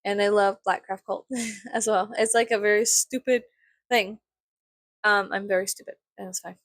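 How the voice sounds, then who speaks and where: A woman's voice: medium pitch, fairly even intonation, normal speed, no echo. Rambling, swearing young woman vlogger. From South Texas. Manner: rambling, swears freely, lots of fillers. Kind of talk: casual rambling chat.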